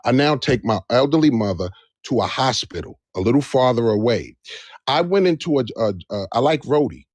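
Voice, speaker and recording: A man's voice: medium pitch, expressive, normal speed, no room sound. A man speaking in an impassioned live discussion, emphatic and repeating phrases for stress. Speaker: livestream debate participant. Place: Georgia area, on a live stream.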